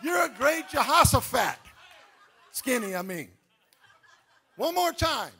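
A man preaching a sermon in a church, with shouted, sing-song calls out to the congregation. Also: extremely high pitch, very animated, slow pace, slightly rough. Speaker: pastor. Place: church sanctuary.

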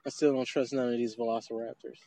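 A man co-hosting a casual podcast outdoors, speaking quietly and bluntly, with a lot of swearing. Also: little pitch movement, fast talker, creaky. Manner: blunt, swearing, low-key. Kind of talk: casual chat.

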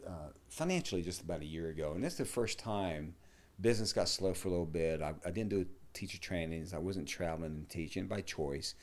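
A middle-aged man, a yoga teacher, talking in a rambling, casual way, swearing and dropping to low mutters. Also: a little mellow. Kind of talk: casual podcast conversation.

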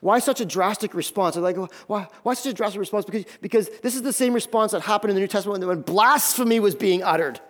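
A male pastor delivers a sermon in an animated, high-pitched voice. He often doubles up his words as he pushes a point home. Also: fast talker, few pauses. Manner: animated, repeats words when building emphasis.

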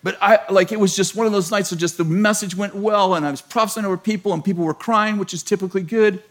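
A middle-aged American pastor preaching a sermon to a church, telling a story with laughter and self-mocking humor. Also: male voice, sits high, fast. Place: large church.

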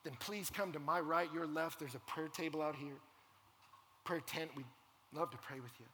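A young adult man preaching a sermon, dropping to near-whispers and then building to loud, passionate crescendos. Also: a little high, normal speed, long reverb tail, a little hiss or hum. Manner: swings from hushed intimacy to loud impassioned crescendos. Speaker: pastor.

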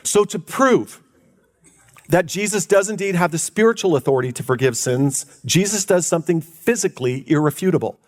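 A man preaching a sermon as pastor, emphatic, stretching key words out for effect. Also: animated. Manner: emphatic, drawn-out preaching with big pitch swings.

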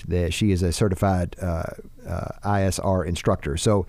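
A man's voice: deep voice, level tone, normal speed, a little mellow, no room sound. A man hosting a radio show in an upbeat, chatty way. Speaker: host.

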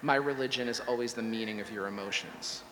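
A man's voice: on the low side, brisk, lightly acted. Lacrimae, a grand, solemn machine god, read by a man. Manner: solemn declamatory reading. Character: ravenous all-knowing AI god, grandly solemn. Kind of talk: scripted performance reading. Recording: long hall reverb, faint hum.

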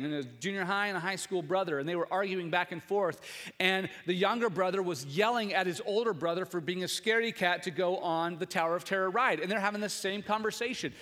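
A man's voice: sits high, sharp tone, long reverb tail. A man in his thirties, a pastor, preaching an Easter sermon, telling a family story in a conversational way that builds to emphatic preaching.

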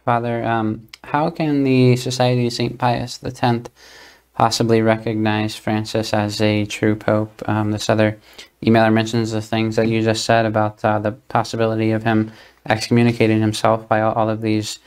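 A man hosting a talk program, putting listeners' questions to a priest in a measured way with frequent fillers. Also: lowish voice, completely flat delivery, smooth. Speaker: host reading listener questions.

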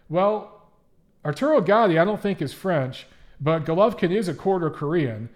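A man hosts a casual livestream and reads out viewer comments, talking in a conversational, emphatic way with frequent restarts. His voice sits a touch higher than most men's. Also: moderate pace, darkish tone. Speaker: livestream host and boxing writer.

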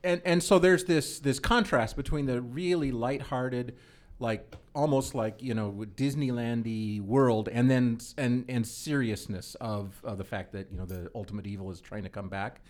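A man's voice: medium pitch, normal speed. A man hosting a casual group chat, steering the talk and repeating words as he starts.

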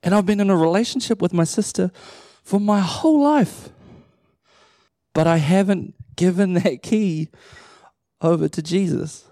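A man's voice: high voice, a little slow, dry recording, clean studio sound. A man in his thirties preaching a sermon into a microphone in church, telling stories with playful humor. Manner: animated storytelling with playful humor. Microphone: handheld or stage microphone.

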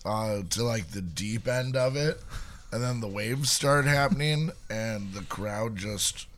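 A man's voice: lowish voice, a bit bright, a little hiss or hum. Young male podcast co-host, casual, hesitant storyteller full of fillers. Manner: halting storytelling with many fillers. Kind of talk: casual chat.

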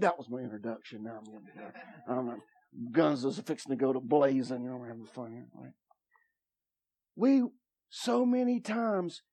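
A man's voice: high-pitched, a little mellow. A man preaching a sermon as pastor, emphatic and drawing responses from the congregation. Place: church.

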